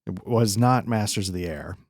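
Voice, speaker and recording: Give me a low-voiced man casually rambling through game commentary, with self-deprecating asides. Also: fairly quick, darkish tone, no room sound, clean studio sound. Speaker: let's play host. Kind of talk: casual commentary while gaming.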